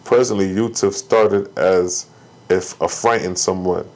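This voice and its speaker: Low-voiced man reading scripture solemnly. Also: steady tone, unhurried, rough recording. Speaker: scripture reader.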